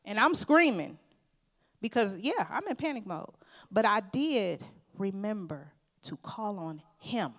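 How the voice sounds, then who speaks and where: A woman's voice: mid-range voice, lively intonation, a little slow. Earnest woman preaching with emphatic storytelling. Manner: earnest, emphatic storytelling, addressing the congregation as "y'all"; informal, conversational phrasing. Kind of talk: sermon with personal testimony.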